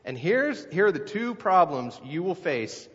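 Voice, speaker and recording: A man's voice: sits high, sing-song, a little slow, fairly bright tone, slightly rough. Conversational male pastor in a reverberant hall. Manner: conversational, asks the congregation questions. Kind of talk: sermon. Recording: dull sound with long hall reverb.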